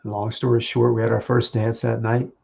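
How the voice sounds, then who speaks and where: A man sharing personal memories at a memorial, speaking in halting phrases with restarts and small laughs. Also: medium pitch, completely flat delivery, vocal fry, darkish tone, breathy edge, muffled recording. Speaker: speaker giving a eulogy. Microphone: video call.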